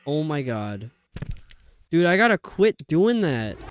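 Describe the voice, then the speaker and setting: Smooth-voiced man grumbling through live gameplay. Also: on the high side, sing-song, slow pace. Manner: talks to himself, grumbling and exasperated. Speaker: streamer.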